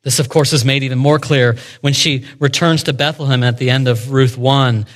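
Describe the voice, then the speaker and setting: A man preaching a sermon, explaining scripture verse by verse, sometimes dropping to a hushed voice for emphasis. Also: medium pitch, steady tone, normal speed. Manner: expository preaching with dramatic dips to a hushed voice. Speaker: pastor.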